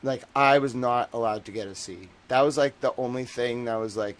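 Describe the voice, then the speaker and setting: A young man in casual livestream chat, his voice sitting at an ordinary middle pitch. He rambles loosely, piles on fillers, and keeps slipping into little acted-out voices as he talks to his viewers. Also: normal speed, rough recording. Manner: rambling, jokey, many fillers, acts out voices. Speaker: livestream host.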